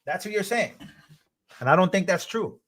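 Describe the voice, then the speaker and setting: Man, young adult, live stream host, casual chatty commentary, slightly high pitch. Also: lively intonation, normal speed, a bit bright. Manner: chatty, reads out chat and thanks donors.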